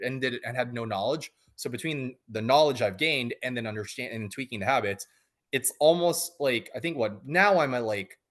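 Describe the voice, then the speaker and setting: A man in his thirties, a coaching client, talking casually in an interview with many fillers and restarts. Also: mid-range voice.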